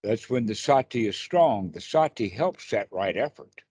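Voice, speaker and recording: A man with a husky, breathy voice explains meditation in an unhurried, deliberate way. He talks over a video call in a dry, close sound with no room echo. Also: fairly low pitch, expressive, darkish tone. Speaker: meditation teacher. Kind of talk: casual dharma chat on a call.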